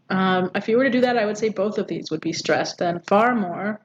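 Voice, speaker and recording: A woman's voice: mid-range voice, normal speed, hardly any pauses. A woman teaching a poetry lesson, explaining step by step with frequent ums and rhetorical questions. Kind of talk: recorded poetry lecture. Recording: dull audio with faint background noise.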